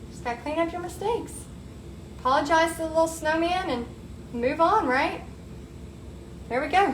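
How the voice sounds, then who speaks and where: High-voiced texas gal chatting thru a painting tutorial, echoey room. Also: female voice. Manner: upbeat, chatty, talks to viewers as "y'all". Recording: echoey room, faint background noise.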